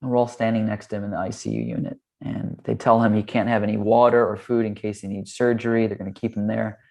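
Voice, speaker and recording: Lowish-voiced male yoga teacher, relaxed interview guest, easy storyteller who acts out his characters. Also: quick pace, creaky. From Hawaii and California, US. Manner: relaxed, chatty, with many "um" and "like" fillers. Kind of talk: casual conversational storytelling.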